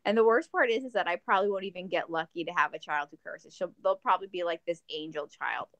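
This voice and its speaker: A woman's voice: fairly low pitch, fast, no room sound, highs cut off. Joking woman podcast co-host, dry sound. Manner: animated, joking, rambling plans. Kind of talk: casual chat.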